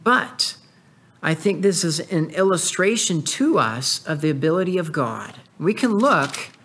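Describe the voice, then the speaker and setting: A man with a slightly raised speaking pitch delivers an earnest expository sermon. He walks through a scripture passage, reading it aloud and reflecting on it. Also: expressive, unhurried, a bit bright, slightly rough. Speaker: pastor.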